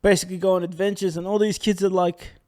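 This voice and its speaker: High-voiced guy, laughing. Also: flat delivery, fast, a little mellow. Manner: laughing, rambling storyteller. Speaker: podcast co-host. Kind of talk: casual chat.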